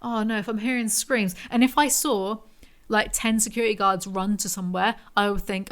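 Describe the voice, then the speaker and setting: Woman, podcast host, casual storytelling, rambling, self-mocking, crisp bright tone. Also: a little high, a little fast.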